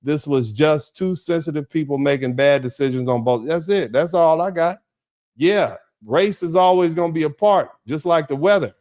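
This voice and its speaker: A middle-aged American man hosting a livestream, reading chat comments and riffing in a lively, preacherly way, acting out little dialogues. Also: normal speed. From United States. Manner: animated, preacherly, acts out dialogues; drops to low, quiet tone when telling a personal story.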